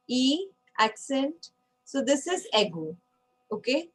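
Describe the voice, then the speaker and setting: A woman's voice: sits high, lively intonation, unhurried, low-quality recording. A woman teaching an online French class, patient and checking in with frequent okays.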